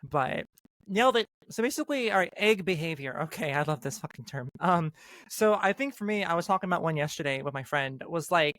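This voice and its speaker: A woman's voice: low-pitched, animated, fast talker, a bit bright, no echo. A trans woman co-hosting a podcast, chatting casually, swearing often and restarting her sentences a lot. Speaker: podcast co-host. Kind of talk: casual chat.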